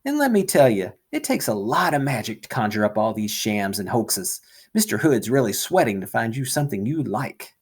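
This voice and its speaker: Man as a sly smooth-talking tempter, wheedling salesman patter, storybook read-aloud. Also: mid-range voice, sing-song, moderate pace.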